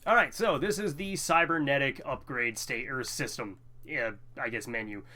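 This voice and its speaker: Guy talking through a game casually, bright forward voice, trips over words a lot. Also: mid-range voice, normal speed. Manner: rambling, stumbles over words. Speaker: let's play host. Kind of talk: casual gameplay commentary.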